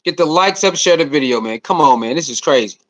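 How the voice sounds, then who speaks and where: High-voiced animated livestream host. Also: male voice, fast talker. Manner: animated, repetitive, slangy banter with viewers. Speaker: livestream host reading chat. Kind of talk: casual livestream chat.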